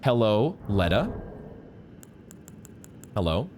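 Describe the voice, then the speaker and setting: Deep-voiced chatty male streamer. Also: big pitch swings, very slow, darkish tone, slight background noise. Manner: chatty, musing aloud, playful. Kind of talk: live gameplay commentary. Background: game music.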